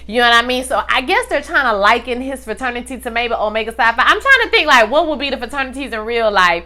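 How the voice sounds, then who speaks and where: Sassy high-voiced woman recapping TV. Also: brisk. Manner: animated, sassy, slangy, acts out the characters' lines. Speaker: TV recap reviewer. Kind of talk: casual comedic recap.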